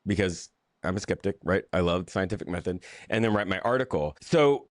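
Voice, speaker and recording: A man's voice: low-pitched, animated, no echo, clean studio sound. A man who is a pastor and author, talking through his story in a casual interview, candid and self-deprecating, often restarting his sentences. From Southern United States. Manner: halting, restarts and repeated words.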